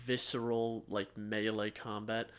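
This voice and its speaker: This man co-hosts a podcast in relaxed, conversational banter. He teases his partner with a dry, joking edge. He often hesitates on filler words before getting to his point. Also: lowish voice, measured pace, clear, resonant tone. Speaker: podcast co-host. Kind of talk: casual chat about video games.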